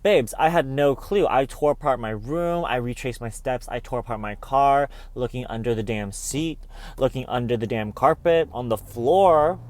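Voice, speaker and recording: A man's voice: medium pitch, moderate pace. A young man vlogging, telling a dramatic story in a chatty way and calling the listener "babes" often. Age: young adult. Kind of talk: casual storytelling vlog.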